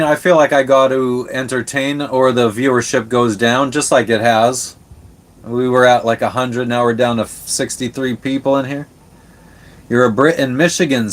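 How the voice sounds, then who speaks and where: A man's voice: mid-range voice, moderate pace. Laid-back swearing sailor man. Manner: laid-back, swears casually, rambling with restarts. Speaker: livestream host answering chat. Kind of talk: casual live-stream chat. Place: on a sailboat.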